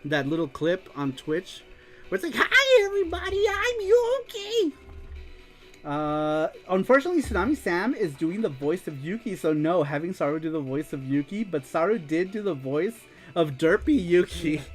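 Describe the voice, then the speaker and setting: Excitable man hosting a livestream, music behind. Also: a little high, moderate pace. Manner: excitable, laughs often, reads viewer comments aloud. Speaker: show host. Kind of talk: casual livestream chat.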